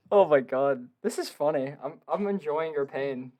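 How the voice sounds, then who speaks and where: A young man chatting casually on a podcast from his home basement, excitable, swearing a lot and laughing often. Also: fairly high pitch, moderate pace. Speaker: podcast co-host. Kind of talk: casual film review chat.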